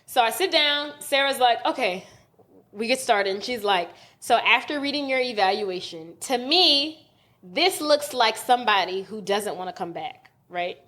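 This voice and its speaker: A woman, telling a story on a podcast in a casual, animated, profane rant. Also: on the high side, moderate pace. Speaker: podcast co-host.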